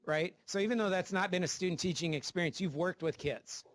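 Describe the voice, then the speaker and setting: A man's voice: high-pitched, brisk. A man teaching a class of future teachers, coaching them through interview practice and often checking in with "right?". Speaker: teacher educator. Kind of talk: classroom instruction. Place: classroom with students.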